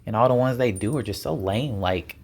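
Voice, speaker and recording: A man's voice: on the low side, a little fast. Man, solo podcast host, casual chat, playful, talks straight to listeners, jokey asides. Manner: jokey asides with laughs and sighs.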